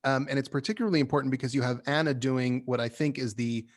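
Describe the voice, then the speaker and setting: Male podcast host, mid-pitched, opinionated script critic, chatty and laughing. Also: quick pace. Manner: animated, opinionated, laughs often. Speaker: podcast host reviewing a screenplay. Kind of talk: casual critique chat.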